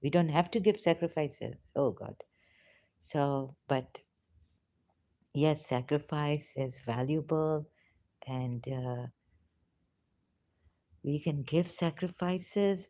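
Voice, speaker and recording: A woman's voice: low-pitched, slow, long pauses, warm tone, no echo. A woman giving an emotional, passionate, pleading monologue to her viewers, now and then dropping into a whisper. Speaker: ex-religious vlogger. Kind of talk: impassioned spoken monologue.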